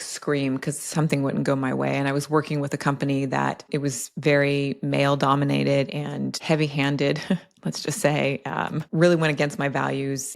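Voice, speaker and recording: A woman's voice: sits low, vocal fry. A woman guest on a podcast interview, telling personal stories in a reflective, casual way, often adding "like" and "right?". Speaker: podcast guest, health coach.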